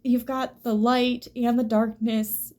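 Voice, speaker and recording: A woman giving a tarot reading, emphatic and swearing, dropping now and then into soft whispers. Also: on the high side, little pitch movement, slow pace. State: teary at times. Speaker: tarot reader.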